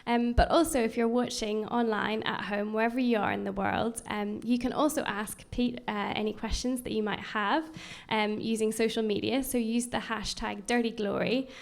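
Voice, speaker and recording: A woman's voice: on the high side, steady tone, normal speed, vocal fry, few pauses. A woman hosting a live-streamed book launch, chatty and upbeat, with frequent ums. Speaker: event host.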